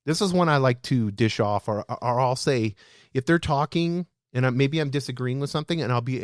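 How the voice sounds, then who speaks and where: A man hosting a leadership show, speaking straight to his listeners in a lively, animated way. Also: medium pitch, brisk, no room sound, clean studio sound. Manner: animated, addresses listeners as "guys". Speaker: podcast host.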